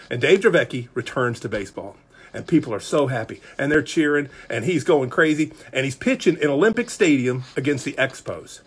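A male pastor teaching a Bible study, telling a story in an animated, self-mocking, conversational way. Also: medium pitch, breathy edge. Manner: lively, conversational delivery to the group.

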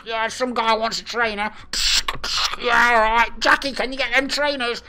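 A man putting on the voice of a harried male shop worker talking into a walkie-talkie, clipped and brisk. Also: very high-pitched, little pitch movement, bright, forceful tone, pitched above the performer's own voice, full character voice. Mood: brusque.

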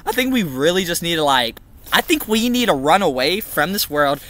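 A young man vlogging in a goofy, comedic style, swinging between mock-serious mumbles and loud outbursts. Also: on the high side, sing-song, normal speed, dry recording. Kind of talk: comedic casual vlog. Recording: background music.

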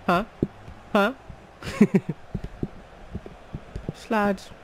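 A man giving excitable, joking commentary while playing a soccer video game, trash-talking the other side. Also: high voice, very slow, slight background noise. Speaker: gamer. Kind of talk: casual gameplay commentary.

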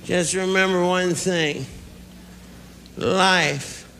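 A stand-up comedian in his act, playing a sloppy drunk man who holds a grudge and slurs, mumbles and bursts out loud. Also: high voice, fairly even intonation, extremely slow, heavily acted. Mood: grudging. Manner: slurring, mumbling, sudden loud outbursts. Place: comedy stage before a live audience. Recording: noisy live club with audience laughter. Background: crowd laughter.

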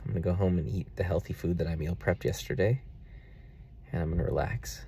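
A man's voice: deep voice, a little fast, mellow, a little hiss or hum. A young man talking earnestly and at length in a personal video diary about faith and money. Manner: earnest, rambling, faith-filled reflection. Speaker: vlogger.

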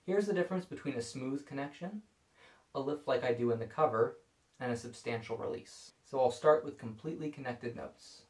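Man, violin teacher, calm scripted lesson, medium pitch, echoey room. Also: a little fast, background noise. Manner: calm, explanatory.

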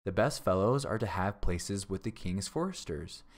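A man's voice: deep voice, expressive, moderate pace. A man playing a hearty old squire. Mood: jovial. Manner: hearty and jovial. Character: hearty old male squire, jovial uncle.

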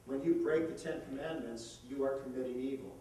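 Middle-aged man pastor, measured and preacherly, far off in an echoey room. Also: mid-range voice, mellow, a little hiss or hum. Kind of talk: live debate.

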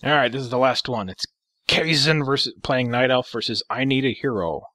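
A man's voice: medium pitch, a little fast, sharp tone, no room sound. A man commentating on game replays in a sarcastic, profane, amused way.

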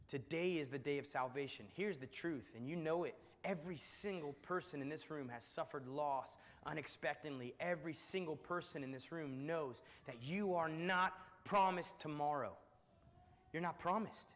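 A man preaching from the pulpit in a somewhat high voice that carries through a reverberant church sanctuary. He sinks to near-whispers when quoting scripture and rises loud and urgent on his key points. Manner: swings from hushed, soft quoting to loud, soaring emphasis. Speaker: pastor. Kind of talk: sermon. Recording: long hall reverb.

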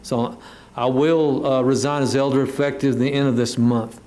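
A man's voice: mid-range voice, steady tone, normal speed, a little mellow. A man with a Texan accent giving rambling, folksy church announcements as an elder.

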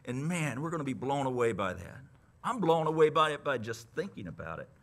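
A man's voice: mid-range voice, brisk. A man preaching a sermon as pastor, teaching conversationally with lots of restarts and asides. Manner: conversational, animated Bible teaching with many restarts.

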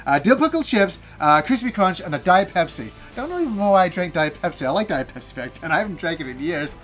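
A man in his forties, a gaming channel host, telling a casual story in an animated, self-mocking way with some swearing. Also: high voice, fast talker, soft background music.

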